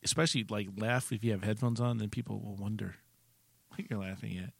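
A man's voice: on the low side, steady tone, a little fast, vocal fry, dry recording. A man co-hosting a casual podcast, joking, teasing and laughing often. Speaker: podcast co-host.

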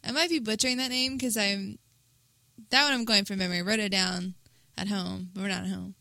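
A woman's voice: mid-range voice, steady tone, brisk, vocal fry, sharp tone, dry recording. A woman co-hosting a casual gaming podcast in a studio, easygoing and chatty. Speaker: podcast co-host. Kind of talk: casual chat.

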